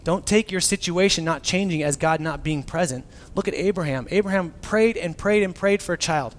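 Animated male pastor, slightly high voice. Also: moderate pace, a little hiss or hum. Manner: animated, swings from loud to near-whisper, acts out quotes; casual, joking preaching. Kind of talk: sermon.

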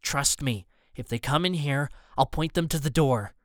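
Brief: male narrator plays a casual young guy, quick and helpful. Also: on the high side, no room sound, studio quality, close to an everyday voice. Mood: hurried. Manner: casual and hurried. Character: young male galley worker, helpful and hurried.

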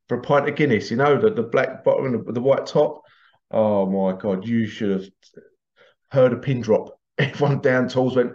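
A man's voice: mid-range voice, a little slow, darkish tone. A middle-aged man telling rambling anecdotes in a casual monologue, chuckling often and repeating himself. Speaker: tradesman vlogger. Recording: slightly dull lo-fi recording.

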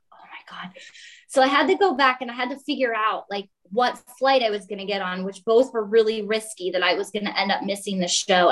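Woman telling a lively story. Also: medium pitch, low-quality recording. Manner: animated, acts out quoted voices. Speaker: guest. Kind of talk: casual storytelling.

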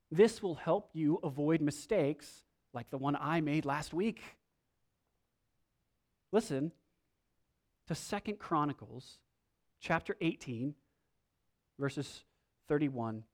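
Give me a man delivering a lively sermon, a pastor whose voice swings widely in pitch and sits a little high for a man. He reads scripture with drama and acts out the lines of the characters he quotes. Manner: animated, dramatic reading with acted-out quotes.

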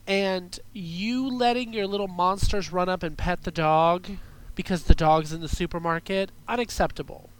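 A woman's voice: on the low side, steady tone, moderate pace, slight background noise. A congested woman hosting a chatty podcast, sassy and profane, calling her listeners darlings and girls. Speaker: podcast host. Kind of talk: casual chat show monologue.

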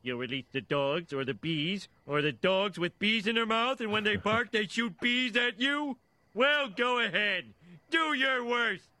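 A man's voice: sits high, measured pace, bright, forceful tone, no room sound, heavily acted. A man voicing a dim-witted, defiant middle-aged man in a cartoon, taunting mockingly. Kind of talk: cartoon voice acting.

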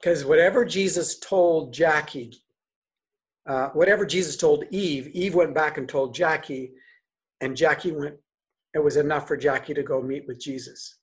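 A male pastor tells a story from the pulpit in a casual, heartfelt way. His voice sits slightly above the usual male range. He often stumbles and restarts a phrase mid-thought. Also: on the high side. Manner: earnest, conversational, with halting restarts. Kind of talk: sermon storytelling.

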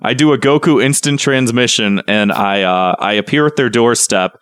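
A man co-hosting a casual podcast, telling a story with mock outrage that climbs toward near shouting. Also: mid-range voice, normal speed, smooth, dry recording, clean studio sound. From Chicago. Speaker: podcast co-host.

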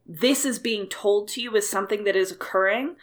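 A woman in casual conversation about films, animated and thinking aloud with frequent fillers. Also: medium pitch, a little fast. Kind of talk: casual film discussion.

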